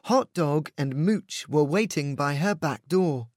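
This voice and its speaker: A man reading a children's storybook aloud in an expressive, sing-song way. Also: on the high side, slow pace, no echo, clean studio sound.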